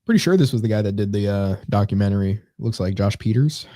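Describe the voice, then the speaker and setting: A man's voice: lowish voice, quick pace, dark tone, dry recording, clean studio sound. A man co-hosting a casual comedy podcast, rambling and sarcastic as he reads comments aloud. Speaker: podcast co-host.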